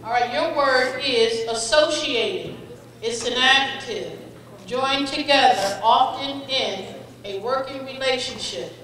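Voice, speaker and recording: A woman serving as a spelling bee pronouncer, reading each word with its definition and an example sentence, measured and patient. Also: high-pitched, a bit bright. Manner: measured and patient, calls each child friend. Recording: echoey hall, voice far from mic, faint noise.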